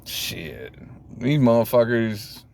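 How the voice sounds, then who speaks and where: Slow-talking man ranting profanely. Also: big pitch swings, gravelly, a little mellow. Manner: profane, rambling, many fillers; jumps to high exclamations. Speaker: vlogger. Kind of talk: casual rant.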